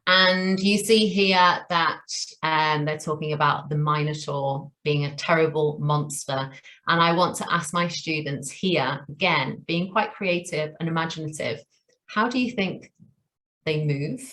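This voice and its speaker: A woman's voice: low voice, measured pace, a bit bright. A woman co-hosting a teacher training webinar, chatty and enthusiastic, laughing often. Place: online webinar.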